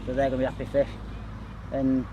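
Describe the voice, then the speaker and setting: An out-of-breath man talks to his handheld camera beside a pond, rambling with plenty of fillers. His voice sits at a middle pitch, and faint outdoor noise sits behind him. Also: completely flat delivery, fairly quick, lo-fi sound. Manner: rambling, chatty, lots of uh and so. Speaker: fishing vlogger. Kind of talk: casual vlog talk to camera.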